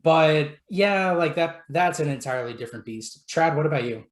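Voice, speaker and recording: A man's voice: on the high side, expressive, normal speed. A man hosting a casual podcast about video games, chatty and full of filler words. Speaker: podcast host. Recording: roomy echo.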